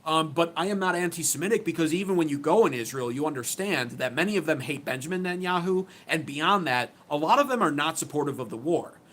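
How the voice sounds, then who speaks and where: A man's voice: fairly high pitch, expressive, fast, few pauses, fairly bright tone, a little hiss or hum. A man hosting his own channel, giving opinionated political commentary in an emphatic, sarcastic way, often restarting his sentences. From United States.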